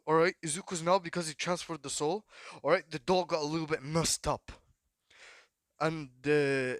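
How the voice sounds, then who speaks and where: A man's voice: a little high, a bit bright, no room sound, studio quality. A man improvising a fan-fiction story for his channel in a rambling, hyperactive, profane way, full of fillers and asides. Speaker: YouTube storyteller.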